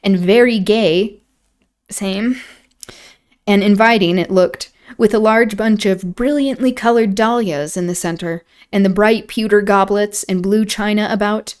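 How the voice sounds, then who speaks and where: A woman reads a novel aloud at an even, mid-range pitch, dropping into wry, mocking asides. Her reading is casual and unpolished. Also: unhurried. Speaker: streamer reading a book aloud.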